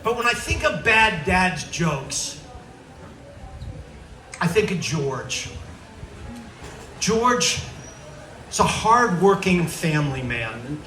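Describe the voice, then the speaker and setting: A man performing a stand-up storytelling set, animated as he acts out the tale. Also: a little high. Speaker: comedian. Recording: echoey stage from far off with noise.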